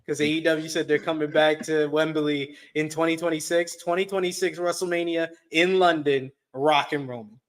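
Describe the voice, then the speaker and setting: New York man, fairly high voice. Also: normal speed, few pauses. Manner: reads out donations, lively banter. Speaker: co-host. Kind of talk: casual wrestling review chat.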